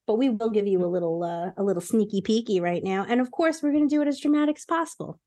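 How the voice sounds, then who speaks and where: A woman's voice: medium pitch, fast, dark tone, no echo, clean studio sound. Playful woman podcast co-host. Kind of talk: casual chat and dramatic reading.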